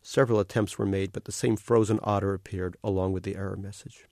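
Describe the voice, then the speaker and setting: Author reading his fiction: wry, deadpan male narrator, very dry close sound. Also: low-pitched, quick pace, few pauses, no echo. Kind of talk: literary reading.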